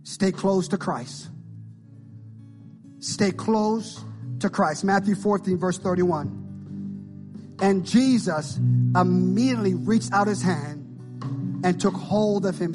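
High-voiced pastor guy preaching hard, calls out to the crowd, soft music in back. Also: slow pace, pauses often. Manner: impassioned preaching with call-outs to the congregation. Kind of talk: sermon.

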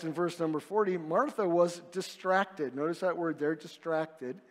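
In a large hall, a male pastor with a high-sitting voice delivers a conversational sermon. He poses rhetorical questions and his emphasis swings widely.

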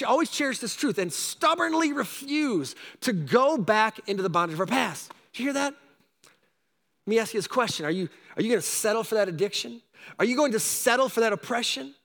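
A man preaching a sermon, animated, with rising shouts and repeated calls to his listeners. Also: high-pitched, in a large hall. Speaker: pastor.

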